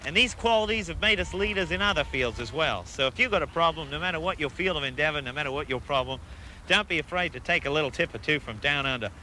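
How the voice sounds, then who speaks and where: An actor playing a boastful Australian action-film star with an Australian accent, pitching in a brash, salesman-like way in a 1980s sketch comedy. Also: expressive, quick pace, bright, forceful tone, slight background noise. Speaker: commercial pitchman.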